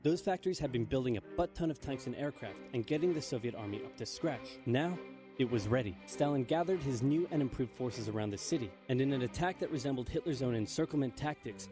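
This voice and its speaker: A man giving scripted, wry comedic history narration from a played video. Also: mid-range voice. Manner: wry, jokey asides in a brisk narrative. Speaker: documentary narrator. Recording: played video with music behind. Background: music.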